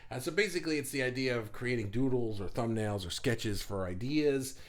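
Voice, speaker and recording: A man hosts a live art group stream from his desk, chatting loosely and rambling through fillers and restarts. His voice sits at an ordinary middle pitch, and he greets viewers as they arrive. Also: fairly quick. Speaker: host of an online art group livestream. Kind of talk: casual livestream chat.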